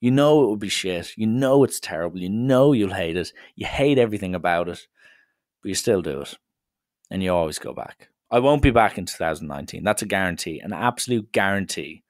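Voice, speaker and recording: A young man hosting a solo comedy podcast, telling stories in an animated way with swearing and acted-out dialogue. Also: sits low, brisk, no echo, clean studio sound. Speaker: podcast host.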